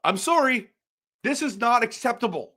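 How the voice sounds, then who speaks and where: A man hosting a casual live stream for viewers, excitable and exasperated, breaking into loud outbursts. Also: very high-pitched, moderate pace. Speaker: livestream host.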